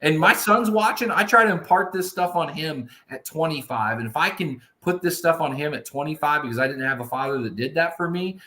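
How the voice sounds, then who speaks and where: A man's voice: on the high side, fairly quick, few pauses, bright, forceful tone. A man in his fifties, co-hosting a podcast, talking in an emphatic, motivational way. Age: 50s. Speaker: podcast co-host. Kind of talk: casual chat.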